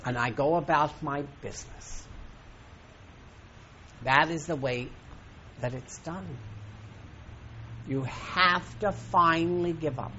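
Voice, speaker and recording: A man giving an inspirational talk to an audience, emphatic and preacherly, swinging between loud and soft. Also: a little high, slow pace, pauses often, dull audio, slight background noise. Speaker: spiritual teacher.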